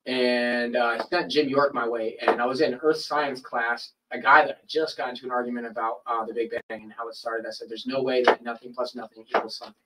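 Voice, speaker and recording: A man's voice: medium pitch, fairly quick, few pauses, far from the mic, low-quality recording. A man, a podcast host, telling a long story in casual chat, swearing freely and acting out the people he quotes. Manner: animated, profane, acts out quoted people. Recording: voice a bit off-mic.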